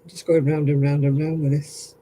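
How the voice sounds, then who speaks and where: A man's voice: a little high, level tone, a little fast, dark tone, a little hiss or hum, rough recording. A tired man, chatting casually with livestream viewers as he crafts, rambling and often laughing. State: tired, yawning.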